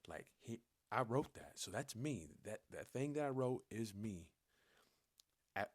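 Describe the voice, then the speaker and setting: A man's voice: fairly low pitch, expressive, measured pace, slightly rough, no room sound. A man talking candidly in a personal vlog, rambling and swearing, with frequent stammering restarts. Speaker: vlogger.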